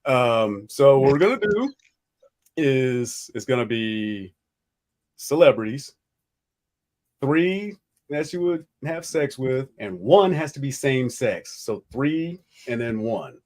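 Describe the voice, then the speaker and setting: A man's voice: mid-range voice, sing-song, takes it slowly, a little mellow. A man in his forties from the United States, hosting a casual podcast chat, rambling and profane and laughing often. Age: 40s. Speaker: podcast host.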